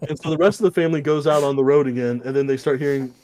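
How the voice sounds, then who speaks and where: A man's voice: on the high side, fairly even intonation, a little mellow. Rambling man recapping a comic. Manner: rambling retelling with quick put-on voices and swearing. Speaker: podcast co-host. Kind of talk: casual comic book chat.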